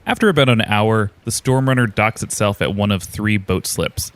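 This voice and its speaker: Man narrating as game master, low voice. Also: fairly bright tone, dry recording. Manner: descriptive, measured storytelling.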